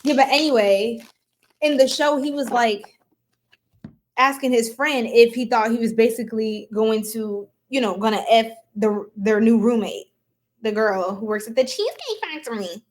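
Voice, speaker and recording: Woman, on the high side, chatty live tarot reader who giggles and goofs off with her viewers. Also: normal speed. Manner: casual, talks to viewers as y'all. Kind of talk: live-stream tarot reading.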